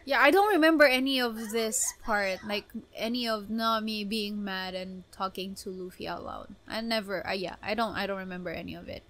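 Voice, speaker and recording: A woman hosting an anime reaction video, talking casually and gushing with excited exclamations. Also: medium pitch, normal speed, few pauses.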